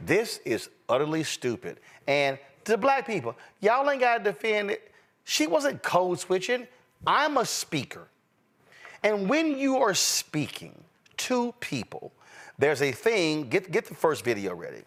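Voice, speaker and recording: Emphatic high-voiced male political host. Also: very animated, measured pace, fairly bright tone. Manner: emphatic, preacher-like cadence, cutting. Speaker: show host. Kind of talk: heated political commentary.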